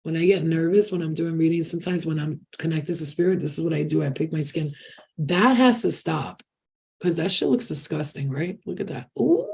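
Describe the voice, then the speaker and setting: Husky woman telling an excited story. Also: low voice, a little fast. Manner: excitable storytelling with frequent swearing. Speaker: tarot reader and channeler. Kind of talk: casual livestream chat.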